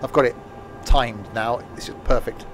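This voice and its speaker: A man's voice: medium pitch, fairly even intonation, moderate pace, noisy background. A man casually chatting while live-streaming a train game, rambling and joking to himself and his chat at a home desk mic.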